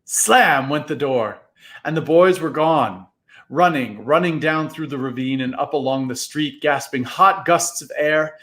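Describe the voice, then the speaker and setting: A man reading a storybook aloud in a live reading, with an expressive, dramatic delivery. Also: mid-range voice.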